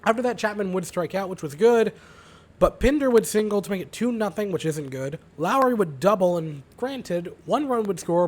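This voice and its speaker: A hoarse young man with a raspy, sore-throated voice, recapping a baseball game in a calm, casual way. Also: on the high side. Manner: aims for calm, mellow delivery. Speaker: fan recapping baseball games.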